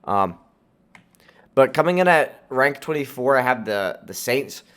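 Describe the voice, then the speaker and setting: A man's voice: medium pitch, animated, measured pace, fairly bright tone, clean tone. A young man hosting casual sports commentary, opinionated and rambling, with a sore throat that makes him sound nasal and slightly lisping. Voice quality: slight lisp. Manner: opinionated, rambling with fillers and restarts. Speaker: sports podcast host.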